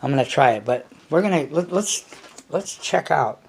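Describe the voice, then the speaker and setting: Gravelly man rambling to his viewers. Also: on the high side, expressive, normal speed, a little hiss or hum. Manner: loose and profane, refers to himself in third person. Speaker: RC hobby vlogger. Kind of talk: casual rambling chat to viewers.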